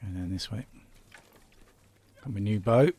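A man's voice: lowish voice, a little slow, warm tone, breathy edge, no room sound. A man hosting a casual let's-play, chatting and teasing his friends as he plays. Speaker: gaming channel host.

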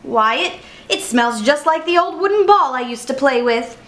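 A woman voicing a big, gentle circus lion who thinks aloud in a wondering way. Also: high voice, expressive, normal speed, reverberant, pitched above the performer's own voice. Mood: puzzled.

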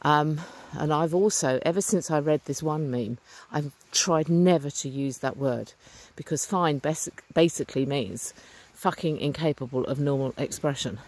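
A woman's voice: low-pitched, moderate pace, hardly any pauses, a little mellow. Middle aged woman chatting to her phone outside on a walk, earnest and upbeat, kinda chatty. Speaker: vlogger. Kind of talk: walking vlog, casual talk to camera. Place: outdoors on a rural lane by a stream. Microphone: phone or camera held while walking.

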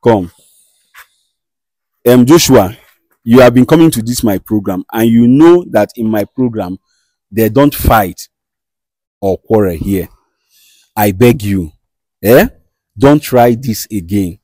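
A man with a Nigerian accent acting as a show host who calmly mediates a dispute and questions firmly. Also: on the low side, slow, pauses often, dry recording. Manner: soothing, repeats "calm down", firm questioning. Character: male show host, calm and commanding mediator. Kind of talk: comedy skit acting.

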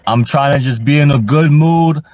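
A man's voice: fairly high pitch, moderate pace, darkish tone, no room sound. A man rambling on a live stream from inside his parked car, talking to his chat in a frustrated, profane way and stammering over repeated words. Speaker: livestreamer.

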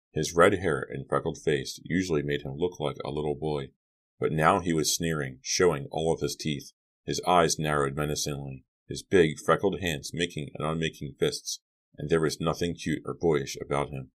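A man's voice: very deep voice, fairly even intonation, normal speed, a bit bright. A man reading a teen horror novel aloud as an audiobook narrator, lifting his voice for the characters' lines.

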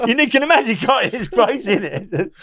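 A man's voice: extremely high pitch, very animated, fairly quick, a crowd in the background. A man, a former prisoner telling rambling stories in an interview, swearing and laughing as he goes. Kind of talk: storytelling interview.

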